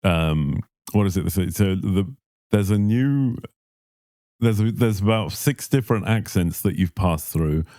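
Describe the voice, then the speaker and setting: A man's voice: low-pitched, lively intonation, unhurried, warm tone, no echo, clean studio sound. A middle-aged man from Australia co-hosting a podcast, easygoing and agreeable, chiming in with plenty of yeahs. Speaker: podcast co-host. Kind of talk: casual chat.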